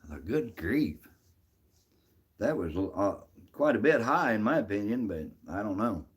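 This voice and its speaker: A man's voice: fairly low pitch, very animated, a little slow, slightly rough. A middle-aged man casually chatting on a live stream, answering viewers by name in a folksy, easygoing way. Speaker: livestream host reading chat.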